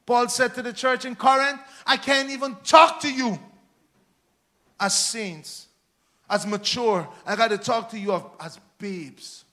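A man preaching a sermon to a church, with rhetorical questions and dynamic swings from hushed words to shouting. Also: very high-pitched, steady tone, measured pace.

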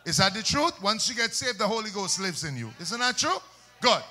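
A male preacher, delivering a fiery sermon, shouting and then dropping to soft asides, with call-and-response questions. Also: sits high, animated, moderate pace. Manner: swings between loud shouts and soft asides.

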